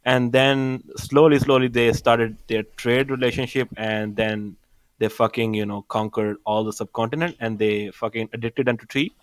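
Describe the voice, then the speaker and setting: A man's voice: mid-range voice, steady tone, normal speed, no room sound, rough recording. A man from South Asia in casual stream chat, opinionated and swearing freely.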